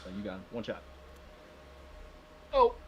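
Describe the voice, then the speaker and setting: A man's voice: fairly low pitch, huge pitch swings, measured pace, mellow, slight background noise. A man chatting casually on a call with friends, cooing and gushing over pets.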